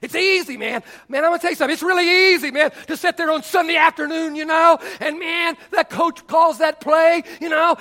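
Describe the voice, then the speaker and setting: This preacher's voice is extremely high, a little fast, and nearly pause-free. He tells stories from the pulpit and acts out the quoted people with animated energy.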